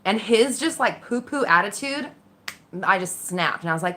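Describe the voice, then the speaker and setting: A woman telling a personal story casually, candid and animated, swearing freely and acting out the voices in her head. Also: mid-range voice, moderate pace, slight background noise. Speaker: vlogger.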